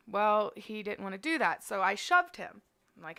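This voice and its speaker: A woman's voice: medium pitch, expressive, a little fast, gravelly, fairly bright tone, clean tone. A middle-aged woman in casual chat, telling a story in a brash, profane way and acting out what people said. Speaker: guest storyteller.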